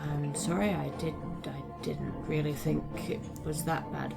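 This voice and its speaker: A woman chats casually as a player in a tabletop game, often a little apologetic. Her voice is very low with a gravelly, creaky edge. Music plays clearly behind her. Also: fairly even intonation, unhurried.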